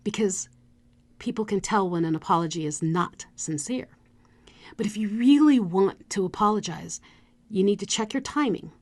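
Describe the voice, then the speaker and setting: A middle-aged woman, a speaker coach, giving an animated motivational talk with demonstrative asides. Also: mid-range voice, normal speed.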